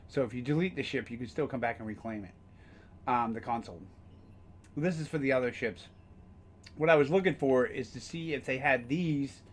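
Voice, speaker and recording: A man's voice: medium pitch, a little hiss or hum. A man casually streaming a game, rambling with frequent fillers and the odd curse. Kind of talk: casual gameplay commentary.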